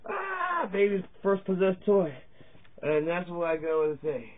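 His voice sits high and swings hugely in pitch, and he talks a little slowly. The man is a comedy vlogger from Virginia, USA, rambling through a jokey, crude, profane monologue to his camera in stand-up style, jumping between topics, all recorded with tinny, phone-like lo-fi sound.

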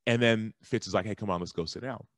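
Man, low voice, dry close sound, excited storyteller, casual podcast guest. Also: quick pace, no room sound. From Texas. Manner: animated storyteller, jumps to high excited voices when quoting himself. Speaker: guest, former football linebacker and author.

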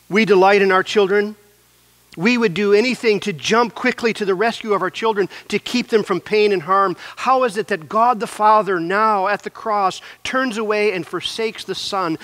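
A man preaching a sermon as pastor, in an earnest, measured way with repeated phrases. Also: high voice, fairly bright tone, dry recording.

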